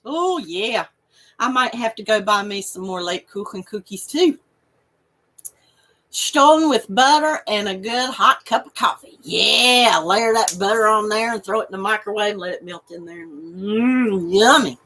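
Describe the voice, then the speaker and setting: A woman's voice: medium pitch, lively intonation, moderate pace, sharp tone, a little hiss or hum. A woman hosting a crochet channel, chatting casually with viewers and laughing and snorting often. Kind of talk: casual live chat reading viewer comments.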